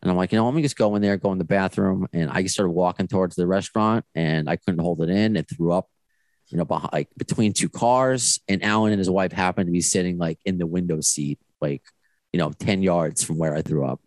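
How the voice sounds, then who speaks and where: A young man hosting a casual fan podcast, telling stories in a rambling, self-correcting, animated way. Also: low-pitched, fairly quick, dry recording. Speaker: podcast host.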